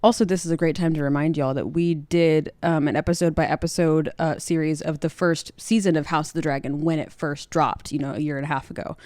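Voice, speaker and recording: A young woman, co-hosting a podcast and recapping a book chapter in lively casual chat, jumping her pitch to act out quotes. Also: no room sound. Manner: lively, chatty, acts out quotes with quick pitch jumps. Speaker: podcast co-host.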